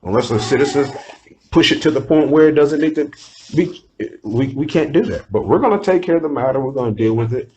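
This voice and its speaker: A man speaks as a police officer in a calm, reassuring way, stumbling and repeating words as he goes. Faint noise sits under the recording. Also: mid-range voice, brisk. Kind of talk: recorded conversation.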